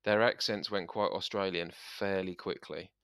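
A man with a southeast English accent, co-hosting a podcast in rambling, animated casual chat, often cutting himself off mid-sentence. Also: sits low, normal speed, creaky, clean tone, no room sound, clean studio sound. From southeast England. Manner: rambling, animated, self-interrupting. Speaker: podcast co-host.

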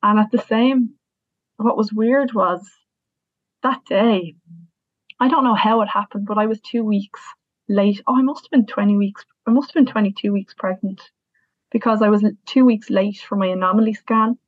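A woman's voice: medium pitch, moderate pace, no echo. Irish woman in her thirties, earnest personal storytelling, tinny phone-like audio, dry. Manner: earnest, emotional, with frequent restarts.

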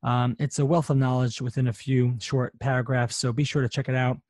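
A man's voice: medium pitch, level tone, fairly quick, darkish tone, no echo, studio quality. A man hosting a podcast, reading an upbeat, chatty intro and then talking with a guest. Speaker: podcast host.

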